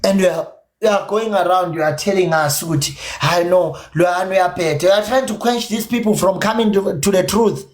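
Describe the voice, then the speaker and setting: A man's voice: high voice, a little fast, darkish tone. A South African man with a Zulu accent, hosting a livestream and ranting in a heated, profane, combative way while mixing English with Zulu. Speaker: livestream host.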